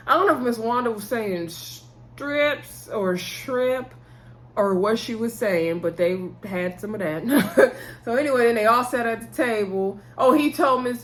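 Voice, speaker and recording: A woman giving a casual, rambling recap of a TV episode. She laughs often and acts out what the people on the show said. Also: mid-range voice. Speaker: TV show reviewer.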